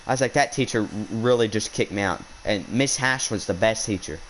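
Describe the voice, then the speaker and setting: A man's voice: lowish voice, brisk, fairly bright tone, a little hiss or hum, rough recording. A young man outdoors on a hunt, casually telling an indignant, rambling story with lots of restarts. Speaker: hunting vlogger. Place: outdoors while hunting.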